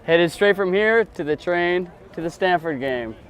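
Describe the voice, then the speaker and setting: A man in his thirties from Hawaii drops a casual, playful shout-out to the camera. He takes his time, drawing out phrases, in a slightly high voice. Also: expressive. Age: 30s. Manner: laid-back, playful, drawn-out phrasing. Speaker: festival visitor. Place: outdoor festival booth.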